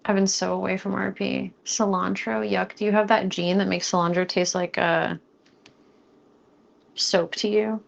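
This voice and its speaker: A young woman cooks on a live stream and chats playfully with her viewers, speaking close to a studio mic. Her medium-pitched voice is creaky and level in tone. She's chatty, jokes with chat, and speeds up when flustered.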